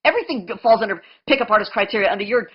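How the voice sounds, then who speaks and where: A man's voice: high voice, animated, racing, husky. A man in a heated online debate call, mocking, insulting, and talking over his opponent. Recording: lo-fi call audio.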